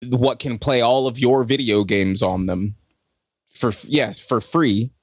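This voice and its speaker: A man's voice: mid-range voice, unhurried, no room sound. A man co-hosting a podcast in casual chat, laid-back and ranting with swearing. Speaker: podcast co-host.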